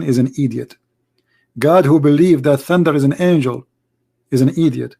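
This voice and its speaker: A man with a hoarse voice who debates religion in a sarcastic, mocking way in an online commentary video. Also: medium pitch, normal speed, pauses often, warm tone.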